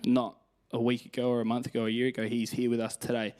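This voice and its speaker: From a church stage, a young Australian man preaches a chatty, self-deprecating sermon, sharing personal stories and reading scripture. His mid-range voice is monotone and darkish in tone, and he talks quickly.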